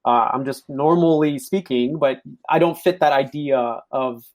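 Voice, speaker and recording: Speaking a little slowly in a mid-range voice, a young man from Africa chats casually as a podcast guest. His storytelling is animated, and he performs quoted voices as he goes.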